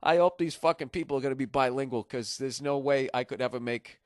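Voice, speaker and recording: A man's voice: mid-range voice, fast, darkish tone, no room sound, studio quality. Profane, riffing man. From Massachusetts, USA. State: jet-lagged. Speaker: podcast host, comedian. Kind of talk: rambling comedic monologue. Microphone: podcast studio mic.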